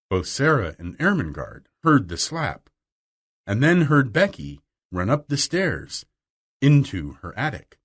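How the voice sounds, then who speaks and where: A man reads a storybook aloud as narrator, in an animated, expressive style. His voice is a medium pitch that rises and falls freely, giving a lively melody. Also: unhurried, slightly rough. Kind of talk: scripted audiobook narration.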